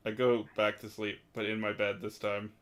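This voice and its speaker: A man playing a tabletop game, excitable and laughing. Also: fairly low pitch, normal speed, clear, resonant tone. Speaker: player. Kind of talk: casual game chat.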